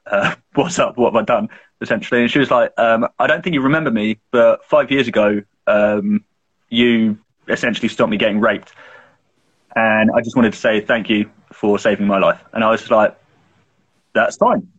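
A young podcast co-host tells a long story in loose, rambling casual chat, swearing freely between fillers. His husky voice sits on the low side, with fairly even intonation and a normal speed. The recording sounds muffled and lo-fi.

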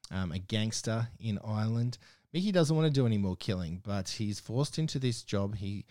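A man's voice: medium pitch, darkish tone, no echo, clean studio sound. A man hosting a podcast, casually reviewing a film in a chatty way with frequent fillers and restarts. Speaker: podcast host.

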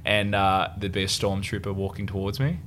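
A young Australian man, an actor, chatting casually in an interview and telling relaxed, laughing anecdotes. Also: low-pitched, a little fast, slight background noise. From country Victoria, Australia. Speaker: actor and guest.

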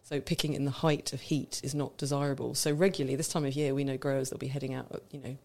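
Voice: mid-range voice, level tone, quick pace, gravelly, darkish tone. A radio co-host explaining wine in an easy, knowledgeable way, laughing now and then. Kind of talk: casual radio chat. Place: radio studio.

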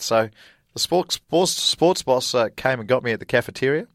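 A man's voice: medium pitch, moderate pace, no room sound, clean studio sound. A middle-aged Australian man, a former college golfer, telling stories in a casual interview, chatty and laughing often. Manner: chatty, laughs often, animated retelling with voiced quotes.

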